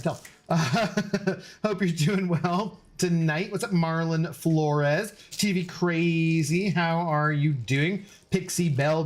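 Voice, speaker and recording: A man live-streaming from home, chatting casually with his viewers, greeting them by name and joking around. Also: a little high. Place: home room.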